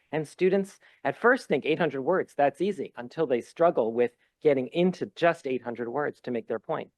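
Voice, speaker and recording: A man's voice: a little high, no echo. A man giving opening remarks at a conference, explaining teaching tasks in an earnest lecturing way, with many ums and restarts. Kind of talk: conference talk. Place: lecture hall.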